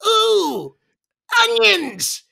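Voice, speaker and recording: An excitable older basketball commentator who fires off short, punchy exclamations, as a man puts him on. The voice jumps well above the man's own register. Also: extremely high pitch, drawn-out words, creaky, voice pushed up, heavily acted. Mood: exclamatory.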